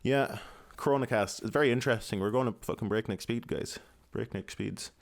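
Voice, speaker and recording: Here the Irish podcaster's voice is on the low side, brisk and gravelly, captured in a dry recording. He's a young man rambling casually in his home apartment, swearing, mumbling and using lots of fillers.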